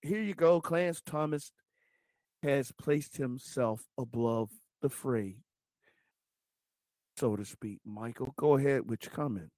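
A man's voice: mid-range voice, takes it slowly, long pauses, a little mellow, no room sound. A man hosting a political podcast, speaking straight to his listeners as folks. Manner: addresses listeners directly as folks. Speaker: podcast host.

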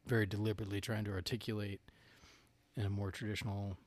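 A man's voice: lowish voice, little pitch movement, quick pace. A man from North Carolina co-hosting a podcast in casual chat, rambling with lots of "like" and "you know" and laughing easily. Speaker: podcast co-host.

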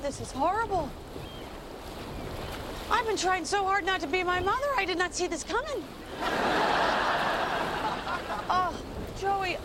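Rachel, a bossy young sailing teacher. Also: female voice, extremely high pitch, heavy background noise. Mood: dismayed. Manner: exasperated, scolding, talks herself into panic. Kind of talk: sitcom acting.

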